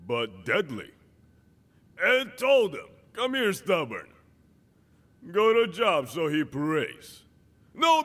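A man preaching with a lively, high and bright voice, full of swings. He acts out dialogue and bursts into shouts. The sermon rings through a reverberant hall. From Dominican Republic.

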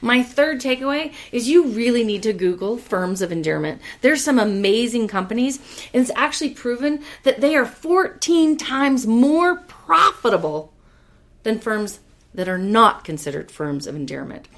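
Energetic woman giving a motivational talk. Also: fairly high pitch, normal speed. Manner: energetic, emphatic, repeats for emphasis; casual, peppered with mild swearing. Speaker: podcast host and business leader.

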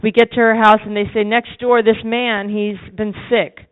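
Preacher, sermon testimony, emphatic repetition, medium pitch, dull lo-fi recording. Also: little pitch movement, normal speed, smooth.

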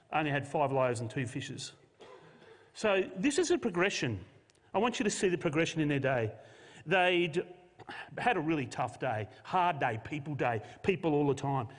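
A man's voice: on the high side, expressive, moderate pace. Man preaching in a reverberant hall. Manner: storytelling with jokey modern asides. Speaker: pastor. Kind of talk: sermon.

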